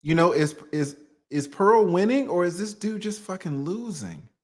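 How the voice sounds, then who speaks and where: A man's voice: high voice, sing-song, normal speed. A man hosting a livestream, joking and laughing often as he reads viewer super chats aloud in casual chat.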